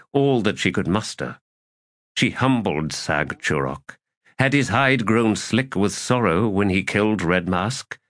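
A man with a lowish, slightly bright voice narrates a fantasy audiobook in a grave, measured manner with dramatic weight. The recording is dry and close, with no room sound.

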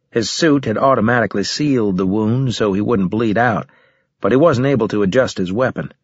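A husky male voice tells a first-person story in a steady, measured delivery with a grim weight. The recording is dry and a touch muffled, with no room sound around him. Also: on the low side, no echo. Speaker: audiobook narrator. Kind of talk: first-person scripted narration.

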